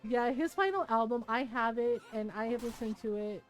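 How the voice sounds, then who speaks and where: A woman streamer chatting casually with her live viewers, animated and swearing often, with frequent laughter. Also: a little high, normal speed, faint music behind.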